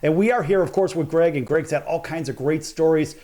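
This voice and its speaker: An enthusiastic man hosts a live sports talk show and laughs easily along with his guest. His voice sits a little high for a man. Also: a little fast, warm tone, a faint crowd, a little hiss or hum. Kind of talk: live broadcast interview.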